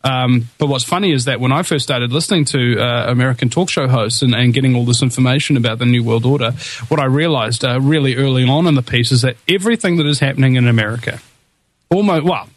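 Emphatic New radio host. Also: male voice, mid-range voice. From New Zealand. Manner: halting, many fillers and restarts, rising to emphatic preaching. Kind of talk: impassioned political talk.

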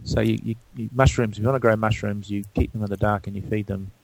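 A man speaking as a guest in a casual conversation, halting, with many restarts and fillers. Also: fairly low pitch, steady tone, creaky, darkish tone, no room sound, poor audio.

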